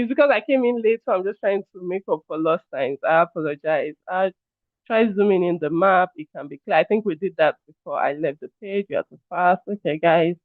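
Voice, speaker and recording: A man's voice: high voice, animated, fairly quick, no room sound. A man leading a live online training session over a video call, chatty and apologetic, often calling his listeners "guys". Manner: apologetic, checks on the audience. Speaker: workshop trainer. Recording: tinny phone-like online call audio.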